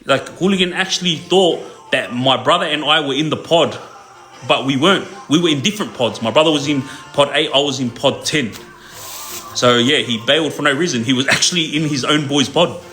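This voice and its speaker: A man's voice: on the high side, fairly quick, sharp tone, faint music behind. A man and former inmate telling prison stories to livestream viewers in a loose, laid-back way, with lots of fillers and tag questions. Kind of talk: casual storytelling to viewers.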